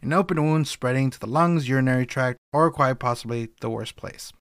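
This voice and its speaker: A man's voice: medium pitch, fairly quick, a bit bright, clean tone, no echo, studio quality. Sarcastic man co-hosting a comedy history show. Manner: playful, sarcastic, breaks into silly voices. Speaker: podcast co-host.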